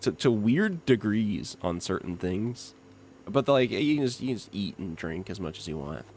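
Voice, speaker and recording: A man's voice: on the low side, big pitch swings, normal speed, a little mellow, slight background noise. A young man chatting casually with his livestream chat while gaming, laughing often and reacting to comments. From not from Kentucky. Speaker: streamer.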